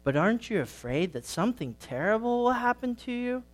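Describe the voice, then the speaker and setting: A man's voice: extremely high pitch, sing-song, fairly quick, pitched above the performer's own voice. A man voicing a young, neglected female sheep who asks anxious, worried questions in a storybook.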